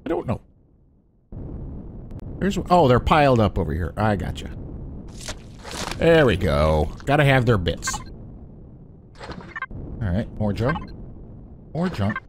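A man casually commentating his game session, his pitch rising and falling in lively swings. He chats to the enemies with mock courtesy. A faint noise sits under the recording. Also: takes it slowly, long pauses. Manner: chatty, talks to enemies with mock politeness. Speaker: gaming channel host.

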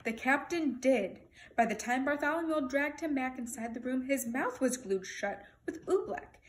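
Lady reading a kids' picture book out loud, lively and expressive, pitched a bit high. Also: normal speed, slight background noise, rough recording. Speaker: storyteller.

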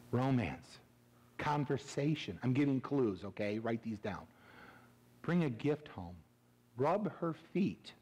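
Animated, joking pastor in an echoing church. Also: male voice, mid-range voice. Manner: animated, joking, jumps between loud and hushed. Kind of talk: humorous sermon. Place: church sanctuary. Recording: reverberant church hall.

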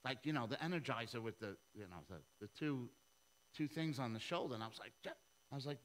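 A middle-aged man, preaching a sermon and telling a story, acting out the dialogue with lively voices. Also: medium pitch, fast, low-quality recording. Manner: animated storytelling, acts out dialogue in a raised voice. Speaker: pastor.

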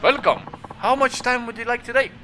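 A man's voice: very high voice, brisk, slight background noise, voice pushed up. A man doing a chirpy shop clerk. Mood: eager. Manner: put-on accent, loud and bright. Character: eager male shop clerk, polite.

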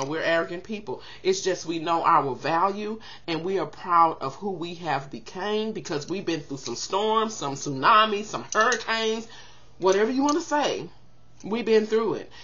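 An older woman chatting casually to camera, giving zodiac advice in an animated, expressive way and acting out quotes. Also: mid-range voice, muffled recording.

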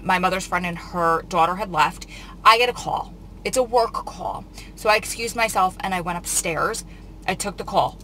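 A woman's voice: medium pitch, bright, forceful tone, slight background noise, poor audio. A young woman telling a long, rambling story to her viewers, close to tears as she talks. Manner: tearful, confiding, rambling retelling. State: on the verge of tears. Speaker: vlogger. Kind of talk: emotional storytime vlog.

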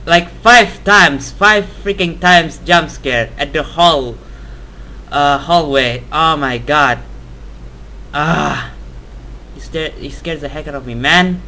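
Young guy freaking out over a horror game, high voice, slow halting talk, faint hiss behind. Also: bright, forceful tone, low-quality recording. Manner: panicky, screams at jump scares, talks to the game; non-native English phrasing. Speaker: gamer. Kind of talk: horror game let's play commentary.

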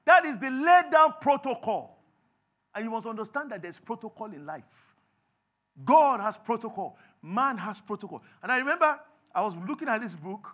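Animated Nigerian pastor preaching. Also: male voice, extremely high pitch, normal speed. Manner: animated, acts out little scenes in others' voices. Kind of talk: sermon. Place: church.

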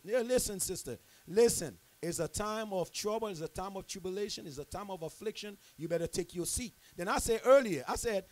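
Man preaching in a high voice, emphatic, streetwise. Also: fast, hardly any pauses, dark tone. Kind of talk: sermon.

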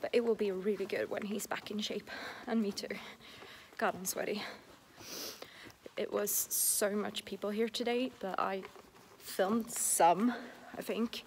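A woman's voice: mid-range voice, steady tone, unhurried, a little mellow, slight background noise. A woman vlogger chatting casually to a handheld camera, rambling with lots of fillers. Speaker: horse-riding vlogger. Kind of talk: casual vlog chat to camera.

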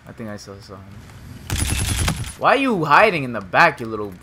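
A young man commenting on his own gameplay in a lively, up-and-down voice. He trash-talks the other players and breaks into sudden shouts. Game noise runs clearly underneath him. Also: mid-range voice. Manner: trash-talking, excitable, quick swings to shouting. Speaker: gameplay streamer. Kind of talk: casual live commentary over gameplay.

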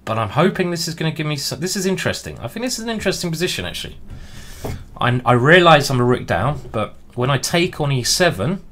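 Male chess streamer, lively swooping delivery, self-mocking, live thinking-aloud commentary. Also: on the high side, quick pace. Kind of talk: thinking aloud while playing speed chess.

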